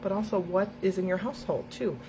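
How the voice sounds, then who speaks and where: A woman's voice: medium pitch, steady tone, a little fast, background noise. A middle-aged woman hosting a casual motivational talk for viewers, speaking earnestly and encouragingly and laughing easily. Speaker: host.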